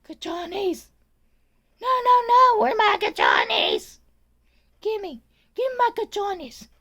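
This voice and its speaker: Woman doing a fragile old lady, insistent, repeats herself, pitch swings all over the place. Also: wildly swooping pitch, slow, vocal fry, bright, forceful tone, heavily acted. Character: frail tiny elderly woman, insistent and upset.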